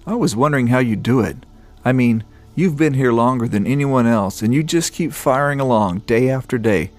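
A man's voice: medium pitch, moderate pace, close to an everyday voice. A man voicing a restless male office worker who complains at length. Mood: exasperated. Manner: complaining, talkative.

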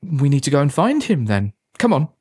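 A man voicing a brisk, concerned mother. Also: a little high, sing-song, a little mellow, husky, no echo, studio quality, voice pushed up.

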